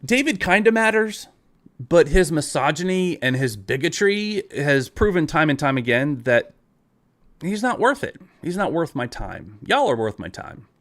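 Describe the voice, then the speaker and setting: A man's voice: fairly high pitch, very animated, unhurried, a bit bright. A man ranting at his viewers in a live video, profane and exasperated, talking straight at them. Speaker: online creator.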